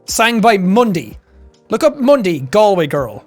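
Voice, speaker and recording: A man's voice: high voice, very animated, faint music behind. An Irish man streaming live, chatting casually and ranting with swearing and laughter. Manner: profane, ranting, quick to laugh.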